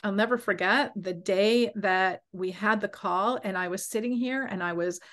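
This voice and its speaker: A woman with a voice of middle pitch tells a personal story as a podcast host. She talks in a lively, animated way and acts out the voices of the people she quotes. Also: normal speed.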